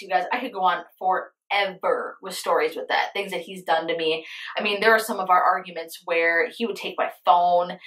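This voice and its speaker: A woman's voice: on the low side, fairly bright tone, roomy sound, rough recording. A young woman vlogging about beauty, talking candidly and with emphasis in a casual storytime rant, swearing freely.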